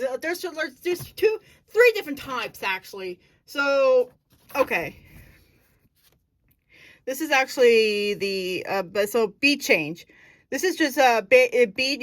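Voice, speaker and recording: A woman's voice: fairly high pitch, fairly bright tone, dry recording. A woman casually explaining her acting technique. She thinks aloud, searches for words and corrects herself as she goes. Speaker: acting student.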